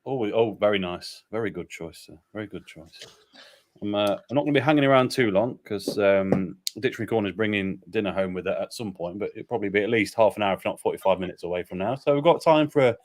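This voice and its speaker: A man co-hosting a casual livestream, chatting wryly and relaxed over a beer. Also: lowish voice, fast. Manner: relaxed, wry, a bit hesitant. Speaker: livestream co-host.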